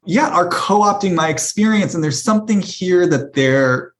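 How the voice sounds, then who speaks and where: A woman's voice: fairly low pitch, lively intonation, unhurried. A woman hosting a podcast, talking in a reflective, analytical way and asking her guests for their views. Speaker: podcast host. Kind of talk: casual chat.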